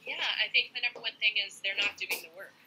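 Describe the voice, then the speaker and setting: Woman coach, super bright voice, blunt tough-love talk, bit of noise behind her. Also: mid-range voice, quick pace, low-quality recording. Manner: emphatic, blunt, motivational. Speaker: business coach. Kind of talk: casual podcast interview.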